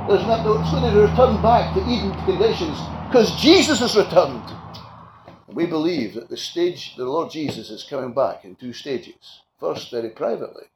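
Impassioned preacher man, lively pitch. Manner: impassioned, swinging between loud declarations and quiet asides. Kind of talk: sermon. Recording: echoey room with faint ambient noise.

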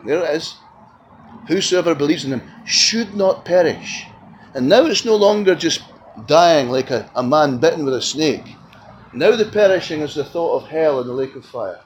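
A man preaching an evangelistic sermon at a tent meeting, swinging between loud appeals and hushed, quiet lines. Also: mid-range voice, slight background noise, poor audio.

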